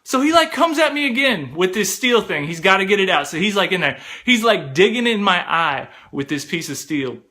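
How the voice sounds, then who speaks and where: A young man telling a comic personal story in a chatty, animated way, full of "like" and "bro". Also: high-pitched, fairly quick, hardly any pauses.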